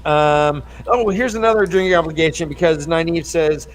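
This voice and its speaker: A man with a fairly high speaking voice hosts a podcast in loose, casual chat. He rambles, restarts his sentences and throws in crude jokes as he talks through the story. His tone stays relaxed and conversational. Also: moderate pace, hardly any pauses. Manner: rambling and joking, with crude humor. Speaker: podcast host. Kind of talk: casual book discussion chat.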